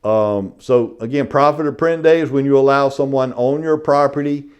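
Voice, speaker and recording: Man, middle-aged, folksy real estate teacher, casual lecture, mid pitch. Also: fairly even intonation, normal speed, hardly any pauses, a little mellow, smooth. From South Carolina. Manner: folksy, keeps saying "y'all".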